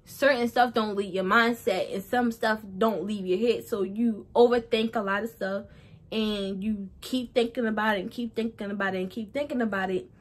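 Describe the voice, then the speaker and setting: A woman's voice: medium pitch, steady tone, moderate pace. A young adult woman telling a personal story in a casual vlog, rambling and often repeating herself. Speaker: vlogger.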